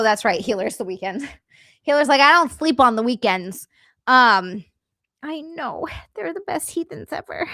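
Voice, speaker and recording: Bubbly, bright-voiced woman streamer. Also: a little high, no room sound, studio quality. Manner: bubbly and effusive, giggly, chatty asides while navigating settings. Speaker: livestream host. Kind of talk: casual livestream chat, thanking viewers.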